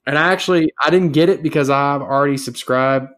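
A man's voice: on the high side, brisk, a crowd in the background. A man co-hosting a casual podcast, talking things over chattily and stopping to restart his sentences. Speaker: podcast co-host.

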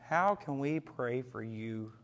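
A man leading an evening Bible study as pastor, earnest, slowing and dropping his voice for emphasis and asking the group questions. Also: medium pitch, animated, fairly bright tone.

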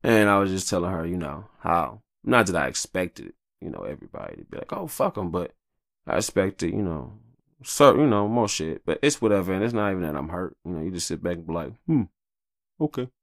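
A married man hosting his own podcast, talking casually and profanely in a rambling monologue, often jumping into exaggerated high voices. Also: fairly quick, creaky, dry recording, clean studio sound. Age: adult, married with kids. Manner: rambling, profane, animated, jumps into high-pitched quoted voices. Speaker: podcast host.

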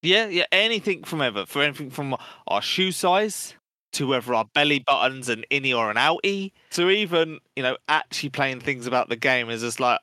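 Man, podcast co-host, bright forceful tone, excitable sweary chat. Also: medium pitch, fairly quick, dry recording. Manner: chatty, sweary, excitable storytelling. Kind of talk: casual chat.

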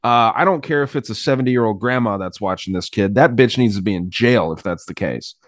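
A man's voice: fairly low pitch, a little fast, dry recording, studio quality. A man co-hosting a casual podcast, talking loosely with many fillers and some swearing. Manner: hedging, filler-heavy, swears. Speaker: podcast co-host. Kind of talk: casual chat.

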